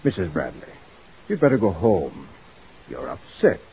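A stiff, formal official. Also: male voice, deep voice, sing-song, measured pace, exaggerated voice. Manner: formal, patient, flustered. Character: stiff, polite male postal official, Mr. Rogers. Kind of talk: 1940s radio drama acting. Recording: dull old radio recording with faint hiss.

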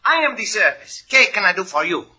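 An actor playing a chatty, showy male hotel clerk with a put-on Spanish accent and a husky voice, in 1940s radio acting. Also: high voice, sing-song, fairly quick, bright, forceful tone, full character voice. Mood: playful. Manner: sing-song, showy, peppers in Spanish words.

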